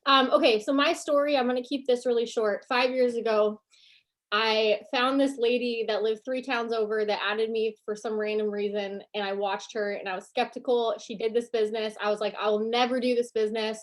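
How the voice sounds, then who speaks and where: A woman's voice: a little high, little pitch movement, normal speed. A woman from Canada on a video call, telling her story casually, with a lot of "like" fillers. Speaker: team leader guest.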